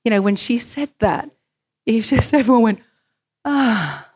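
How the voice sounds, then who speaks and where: A woman preaches a sermon in church, telling stories and acting out the voices of the people in them. Her voice is a little high and darkish, and she speaks fairly quickly.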